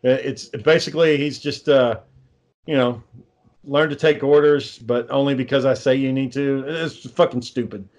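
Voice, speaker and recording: A man's voice: medium pitch, fairly even intonation, normal speed, darkish tone, highs cut off. A man ranting sarcastically and swearing constantly in a casual conversation. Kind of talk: casual profane chat.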